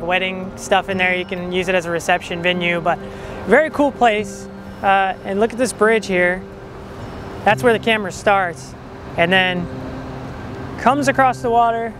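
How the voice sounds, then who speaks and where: A man's voice: high-pitched, background noise. A man hosting a travel vlog, narrating in an upbeat, informative way. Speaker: host. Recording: music bed behind voice.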